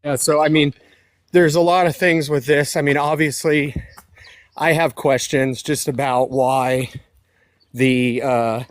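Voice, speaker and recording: A man's voice: fairly high pitch, steady tone, slow, no echo, studio quality. A man co-hosting a casual political chat, out of breath while walking outside by a road, joking and sarcastic. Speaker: co-host.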